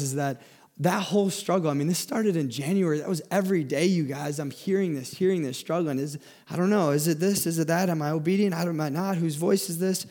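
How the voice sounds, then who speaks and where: A young man preaching with an earnest, searching delivery, his voice sitting a little high for a man. He often stumbles over and repeats words before pushing on. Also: darkish tone. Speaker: speaker giving a talk. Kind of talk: sermon.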